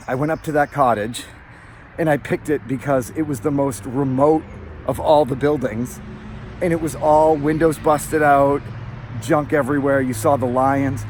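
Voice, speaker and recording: A man narrating his own exploration outdoors, talking casually into a handheld camera at a middling pitch. He rambles from one thing to the next and sounds nervous about being caught. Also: darkish tone, a little hiss or hum. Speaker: urban explorer vlogger. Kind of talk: casual walk-through narration. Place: outdoors on abandoned resort grounds.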